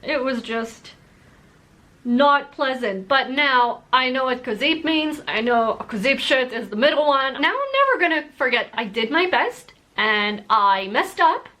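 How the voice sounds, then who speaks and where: A woman vlogger chats straight to her viewers in a casual, storytelling way. Her voice sits a little high and rings bright. She keeps things animated and laughs easily as she talks. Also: measured pace. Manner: animated, laughs while telling stories. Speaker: language-learning vlogger.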